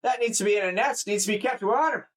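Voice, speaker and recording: A man voicing a gruff, red-bearded farmer, barking and scolding. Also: high-pitched, fast, voice pushed up. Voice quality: loud, barking. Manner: scolding, blunt.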